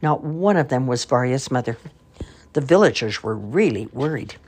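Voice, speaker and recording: Older woman, storybook reading, lively, expressive, low husky voice. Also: moderate pace. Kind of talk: reading a children's book aloud.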